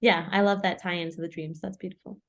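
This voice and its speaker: A woman's voice: on the low side, little pitch movement, fast, creaky. A woman leading a casual Torah study group, chatty and thinking aloud with many "like" and "right?" asides.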